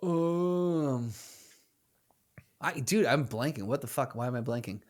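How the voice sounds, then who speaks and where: A man's voice: medium pitch, expressive, slow, a little mellow. A man co-hosting a podcast in casual chat, rambling through joking guesses and repeating words while he thinks. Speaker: podcast co-host.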